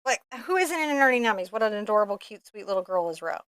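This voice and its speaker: A middle-aged woman chatting in an opinionated, animated way while teaching a painting lesson. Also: mid-range voice, fast talker, clear, resonant tone, no room sound. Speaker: painting instructor. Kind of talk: casual painting lesson chat.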